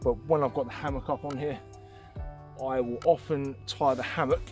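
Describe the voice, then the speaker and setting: A man casually explaining a camp setup outdoors in the woods, chatty and relaxed, with frequent fillers. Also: medium pitch, normal speed, soft background music. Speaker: outdoor channel host.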